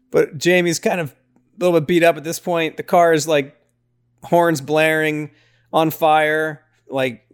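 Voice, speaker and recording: A young man chats through a horror movie scene by scene, excitable and full of fillers, now and then jumping into a higher voice to act out a line. His voice sits a little high and sounds smooth and clear. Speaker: podcast host recapping a film. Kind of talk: casual movie recap chat.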